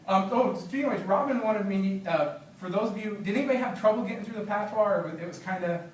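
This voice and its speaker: A man, an author, telling stories and reading his book aloud to a library discussion group in an animated, laughing manner. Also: sits high, quick pace, slight background noise. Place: library meeting room. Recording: roomy, distant, faint background.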